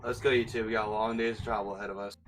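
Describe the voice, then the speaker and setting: A player in a tabletop role-playing game, talking in an animated, exasperated way. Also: medium pitch, rapid-fire, a little hiss or hum, rough recording.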